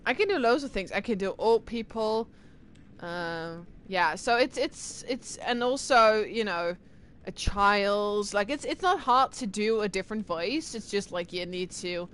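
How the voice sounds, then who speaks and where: A woman streamer chatting casually with her live viewers, excitable and talkative as she answers chat. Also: medium pitch, measured pace. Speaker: game streamer.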